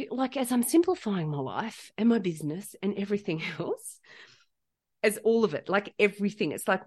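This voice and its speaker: A middle-aged woman speaks alone to her podcast listeners in a reflective monologue. Her voice sits on the low side, and she talks earnestly, often coming back to the same phrase to stress it. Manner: earnest, heartfelt, repeats phrases for emphasis. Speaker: podcast host.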